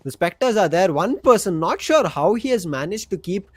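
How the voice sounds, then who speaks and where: A man's voice: sits high, sing-song, normal speed, slightly rough. A man giving color commentary on an esports match, breaking down players' form and the teams' economy. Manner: analytical, explains the teams' plays. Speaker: esports co-caster.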